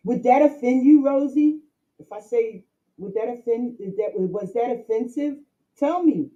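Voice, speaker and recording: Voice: mid-range voice, measured pace, dark tone, muffled recording. A livestreamer talking casually to chat, rambling and repeating points while addressing viewers directly.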